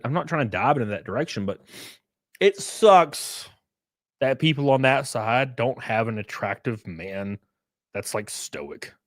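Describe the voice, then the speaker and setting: A man's voice: medium pitch, dry recording, clean studio sound. A young man streaming live, rambling casually and swearing as he comments and greets his chat. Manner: rambling and profane. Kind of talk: livestream commentary.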